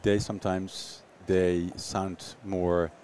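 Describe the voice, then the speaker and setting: A man, a startup founder, answering interview questions in English with hesitant pauses and repeated words. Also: low-pitched, little pitch movement, darkish tone, slight background noise. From Netherlands.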